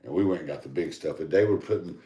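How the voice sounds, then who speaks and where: A man co-hosting a podcast, telling a loose, rambling story in a casual, animated and profane way. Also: deep voice, fast. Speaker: podcast co-host. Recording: echoey room.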